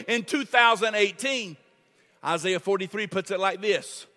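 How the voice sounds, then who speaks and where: A man's voice: high voice, a little slow, bright, forceful tone. An older man preaching a sermon in a church, repeating phrases and calling the congregation to answer back. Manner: call-and-response preaching, repeats phrases for emphasis. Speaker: pastor. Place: church sanctuary. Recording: long hall reverb.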